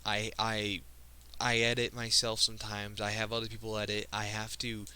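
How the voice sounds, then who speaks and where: A man's voice: on the low side, monotone, bright, forceful tone, clean tone, low-quality recording. A young man in his teens speaking in a personal vlog monologue. He sounds emotional and earnest, stops and restarts often, and stumbles over his words. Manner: earnest, halting, frequent restarts. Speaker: video creator.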